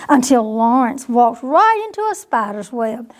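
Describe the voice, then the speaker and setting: A woman librarian reading a bedtime picture book aloud to children, gently, pausing to ask them questions. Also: a little high, big pitch swings. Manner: slow, gentle, asks the listeners questions.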